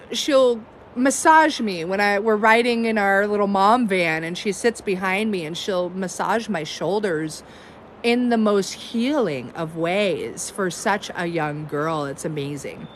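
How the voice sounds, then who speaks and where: A woman's voice: mid-range voice, a bit bright, a little hiss or hum. A woman in her thirties, hosting as an herbalist, chatting casually and effusively, with many "like"s and "um"s. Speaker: herbalist host. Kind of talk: casual livestream chat.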